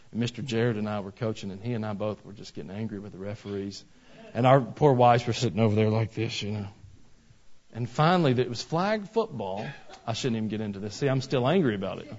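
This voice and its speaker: A man preaching a sermon in a church, telling folksy stories and rising to loud, emphatic bursts. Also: mid-range voice. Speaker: pastor. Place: church sanctuary. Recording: slightly dull lo-fi sound.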